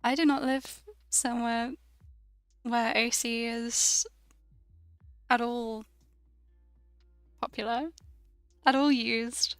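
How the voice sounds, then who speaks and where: British woman, young, chatty, slow rambling talk, gravelly smooth voice, dry close sound, soft music behind. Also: a little high, fairly even intonation, dry recording. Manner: chatty, rambling, laughs often. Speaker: streamer. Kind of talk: casual chat while drawing.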